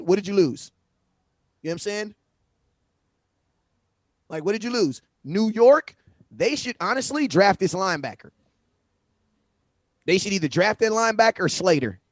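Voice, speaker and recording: A man hosting a livestream, talking sports in a casual, animated, slangy way and often repeating himself. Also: high-pitched, normal speed, pauses often, no room sound, clean studio sound. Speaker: livestream host. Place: home livestream setup. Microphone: phone.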